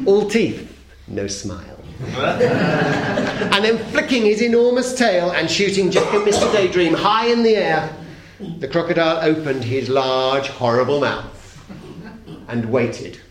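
A middle-aged man reading a children's story aloud, playful and expressive, sinking to a hush at the tense moments. His voice sits a little high and swings widely. The sound rings around an echoey hall. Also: noisy background. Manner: expressive, playful, dropping very soft for suspense. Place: talk hall.

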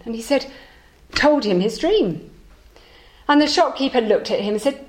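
A woman minister giving a sermon as a lively storyteller, acting out the characters as she goes. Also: on the high side, normal speed, echoey room.

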